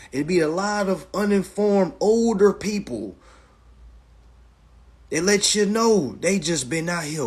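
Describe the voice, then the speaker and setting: Male livestream host, husky, blunt and profane, lecture-style. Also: on the high side, a little mellow. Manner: blunt, profane and lecturing, repeats "all right". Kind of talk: casual livestream talk. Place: indoors, livestream.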